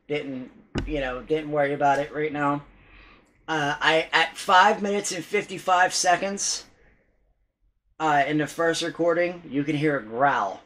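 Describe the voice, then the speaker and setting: A man with a somewhat high-set voice talks in a loose, unscripted vlog style. He rambles and hesitates, restarting his sentences and swearing now and then. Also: fairly bright tone, poor audio. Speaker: paranormal vlogger. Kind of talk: casual vlog talk.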